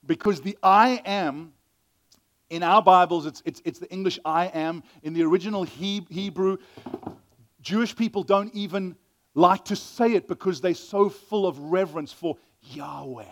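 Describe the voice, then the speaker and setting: A man preaching a sermon, telling a story, then teaching from scripture, swinging from loud exclamations to hushed, tender asides. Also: high-pitched, normal speed. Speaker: pastor.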